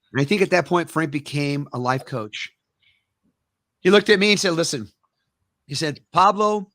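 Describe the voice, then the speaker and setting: A middle-aged American karate master, appearing as a guest in a casual interview, tells emphatic stories in a medium-pitched voice. He's animated throughout, and the recording has no echo.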